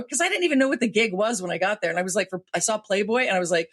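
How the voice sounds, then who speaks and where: A woman hosting a podcast, telling a story in a casual, animated way over a video call, full of "like" asides. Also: mid-range voice, racing, hardly any pauses, husky. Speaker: podcast host.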